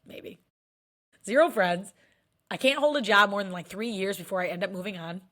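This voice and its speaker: A woman's voice: mid-range voice, moderate pace, sharp tone. A woman in her thirties talking candidly to camera in a casual personal vlog, chatty and full of "like" fillers. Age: 30s. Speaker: vlogger.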